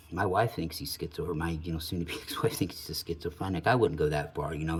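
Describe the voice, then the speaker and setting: A man's voice: deep voice, a little mellow, slight background noise. A middle-aged man hosting his own channel, rambling through a story in casual monologue, wry and cursing casually. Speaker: channel host.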